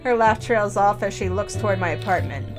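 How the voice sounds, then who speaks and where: A woman's voice: medium pitch, animated, a little fast, music in the background. A young woman hosting a let's play, reading a visual novel aloud with wry, joking asides.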